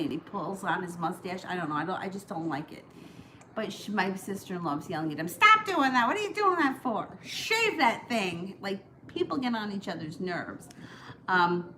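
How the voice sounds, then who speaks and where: A woman with a fairly low voice reads tarot live for viewers. She talks in a loose, chatty way, reassuring them and giving advice. A faint hiss sits under her voice. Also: fairly bright tone, low-quality recording. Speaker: tarot reader. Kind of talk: live-streamed tarot reading.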